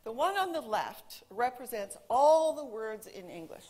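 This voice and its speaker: A woman in her forties speaks from a stage in a large auditorium, teaching about the language. Her voice sits a little high. She tells stories with lively swings up and down. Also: unhurried. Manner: animated storytelling, quoting her son in a put-on teen voice. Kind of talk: conference talk to a live audience.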